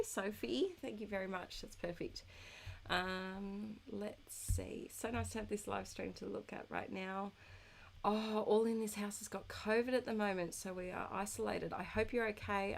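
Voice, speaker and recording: Slow gravelly lady chatting to viewers while she crafts, giggly, lots of ums. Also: medium pitch, slight background noise. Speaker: scrapbooking live streamer. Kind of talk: casual chat while crafting, reading viewer comments.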